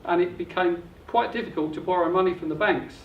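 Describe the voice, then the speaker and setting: A man's voice: high-pitched, a little fast, slight background noise. An older man giving an upbeat, salesy property seminar presentation, recorded from a distance in a hotel function room. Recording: echoey dull room recording from afar.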